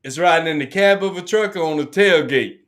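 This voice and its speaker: High-voiced Southern man, rowdy. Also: a little fast. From Alabama. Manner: loud, laughing, hyped-up interjections. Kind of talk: casual chat.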